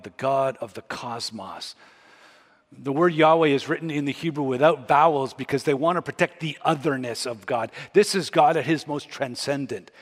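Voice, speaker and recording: A man's voice: on the high side, fairly bright tone. Emphatic male preacher in a reverberant hall. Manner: emphatic, building to ringing peaks. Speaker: pastor. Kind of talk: sermon.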